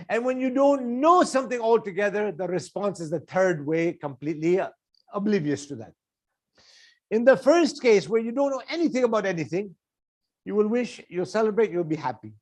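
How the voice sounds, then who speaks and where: A man's voice: very high voice, a little mellow. A man preaching a sermon, earnest and full of rhetorical questions, acting out everyday conversations.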